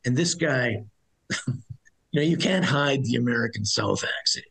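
A man's voice: mid-range voice, lively intonation, unhurried, gravelly, fairly bright tone, slightly rough, poor audio. A middle-aged man, a former soldier as interview guest, telling his story bluntly and ramblingly, with many restarts. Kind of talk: conversational storytelling.

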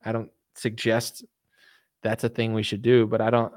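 A man's voice: fairly low pitch, completely flat delivery, normal speed, a little mellow, no room sound, studio quality. A man vlogging a sarcastic, rambling satirical comedy monologue to his viewers.

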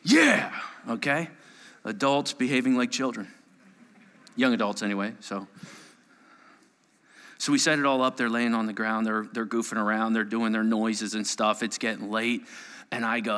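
A man preaching a sermon to a live church audience, telling a story in a playful, animated way and acting out voices and sound effects. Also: mid-range voice, normal speed. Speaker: pastor. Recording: long reverb of a large hall.

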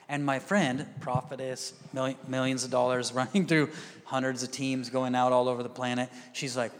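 A male pastor giving a conversational sermon, dropping to quiet asides and rising to loud emphatic bursts. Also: mid-range voice, little pitch movement, normal speed, a little hiss or hum. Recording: reverberant hall.

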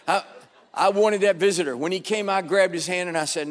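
Older male preacher; wry, dramatic storyteller, fairly high voice, punches up key lines. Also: fairly quick. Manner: wry, dramatic storytelling with sudden loud bursts. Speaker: pastor. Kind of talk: storytelling sermon. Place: church sanctuary before a congregation.

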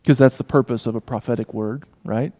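A man preaching an expository sermon, emphatic, swinging between loud declarations and hushed asides. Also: medium pitch, fairly even intonation, a little fast.

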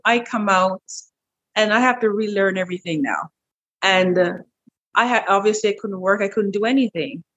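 A middle-aged woman guest in an interview, telling a personal story in a lively, animated way, repeating words as she goes. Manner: animated, breaks into high quoted voices, repeats words. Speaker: interview guest, wellness clinic owner.

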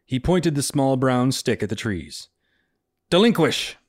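A man reads a story aloud at an ordinary pitch. His delivery is even and steady. The sound is dry and close. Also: measured pace, no room sound. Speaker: reader.

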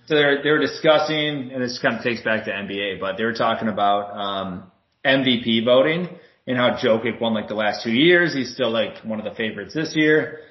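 A man's voice: mid-range voice, brisk. Male podcast co-host, fired-up and profane, roomy lo-fi sound. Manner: animated, swears a lot, heated storytelling. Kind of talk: casual sports chat.

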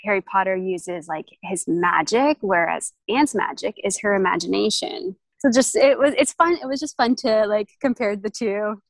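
A woman's voice: medium pitch, moderate pace, vocal fry, no echo, low-quality recording. A young woman co-hosting a podcast, chatting casually with many restarts and fillers. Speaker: podcast co-host. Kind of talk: casual chat.

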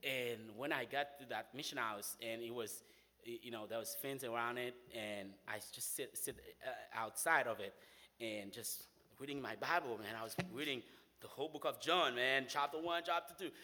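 A man's voice: mid-range voice, normal speed. Haitian man telling his story in a hall. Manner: animated storytelling, often says "man". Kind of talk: personal faith testimony. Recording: long hall reverb.

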